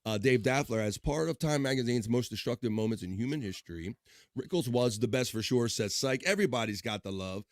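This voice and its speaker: A man's voice: mid-range voice, animated, a little fast, dry recording, studio quality. A man hosting a livestream, chatting casually, reading out chat and joking with rambling, profane asides. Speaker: livestream host.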